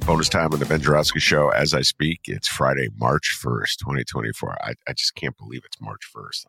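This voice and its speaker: A man hosting a podcast, talking in a loose, sarcastic and animated rant about local news. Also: extremely low pitch, fairly quick, gravelly, hardly any pauses, slightly rough, no echo. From Chicago. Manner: animated, sarcastic ranting with laughs. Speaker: podcast host. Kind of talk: casual commentary monologue.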